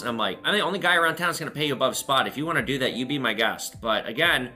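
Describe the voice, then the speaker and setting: A man's voice: mid-range voice, animated, fast, hardly any pauses, bright, forceful tone, faint music behind. A man who runs a pawn shop, telling viewers a blunt, profane story and giving a lesson in casual talk. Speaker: pawn shop owner and host. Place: his shop.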